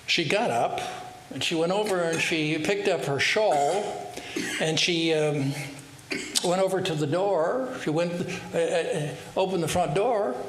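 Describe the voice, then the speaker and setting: A man giving a spiritual talk, telling parables in an unhurried way and asking rhetorical questions. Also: a little high. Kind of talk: sermon with storytelling. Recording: roomy hall with faint hiss.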